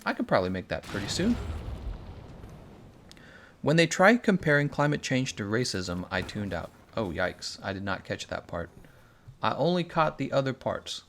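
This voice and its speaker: A man's voice: on the low side, very animated, moderate pace, fairly bright tone. A young man streaming a game, chatting casually and sarcastically, reading viewer messages aloud. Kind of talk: casual gameplay commentary.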